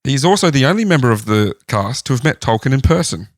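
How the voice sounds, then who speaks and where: A man's voice: mid-range voice, fast talker, no room sound, clean studio sound. Man relaying trivia on a podcast. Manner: relaxed retelling of researched facts. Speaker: podcast host. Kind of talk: casual chat.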